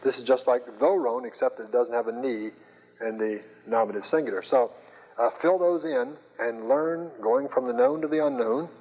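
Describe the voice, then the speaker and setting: A man teaching a Greek lesson in a slow, patient lecture style, pausing often with hesitant fillers. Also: medium pitch, animated, creaky, husky. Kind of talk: recorded classroom lecture. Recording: lo-fi recording with long reverb.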